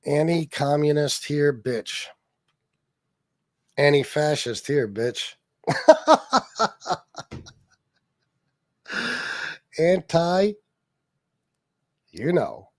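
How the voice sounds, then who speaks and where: A man's voice: mid-range voice, lively intonation, takes it slowly, long pauses, darkish tone, dry recording, clean studio sound. A man hosting a casual political livestream, reading chat comments aloud and answering them in a profane, mocking, sarcastic way. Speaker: livestream host.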